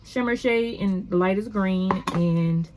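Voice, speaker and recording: A woman's voice: mid-range voice, a little slow, darkish tone, slight background noise. A woman hosting a casual makeup tutorial at home, chatty and upbeat, rambling a little with fillers as she talks to the camera. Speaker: beauty vlogger.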